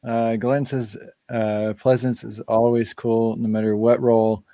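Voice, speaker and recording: A man's voice: medium pitch, flat delivery, measured pace, dark tone, no room sound. A man hosting a live-stream Q&A in casual chat, rambling through asides and laughing often. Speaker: band member hosting a live Q&A.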